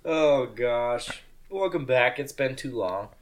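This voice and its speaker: A man's voice: mid-range voice, lively intonation, takes it slowly. A young adult man co-hosting a podcast in casual chat, playful and laughing often. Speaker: podcast co-host.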